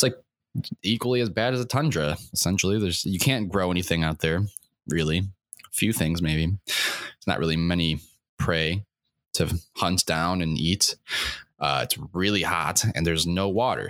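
A man's voice: low-pitched, fairly bright tone, no echo, studio quality. A young man hosting a comedic rant, rambling with many fillers, crude and profane, getting worked up as he goes. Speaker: podcast host.

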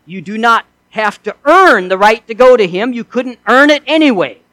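A man's voice: very high voice, lively intonation, moderate pace, pushed and bright, no room sound, low-quality recording. A male pastor preaching a sermon in an earnest way, asking his listeners one rhetorical question after another.

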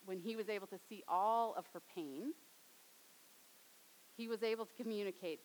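A young adult woman preaching a sermon, dropping to a soft, hushed tone for storytelling and rising to emphatic appeals. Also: mid-range voice, normal speed, pauses often, slight background noise, rough recording.

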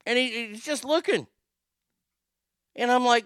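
A middle-aged man hosting a show, telling a story in a loose, profane rant. He keeps stammering and restarting, and his voice is bright and clear. The room sounds dry and close. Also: extremely high pitch, measured pace, pauses often, no echo. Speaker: show host. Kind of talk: casual ranting monologue.

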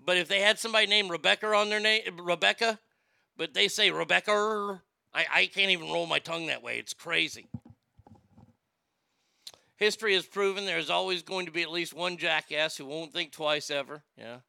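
A man's voice: high voice, moderate pace, creaky, bright, forceful tone, smooth, no echo, clean studio sound. A man hosting a show in casual chat, rambling and profane, with stammering restarts and boastful talk. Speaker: show host.

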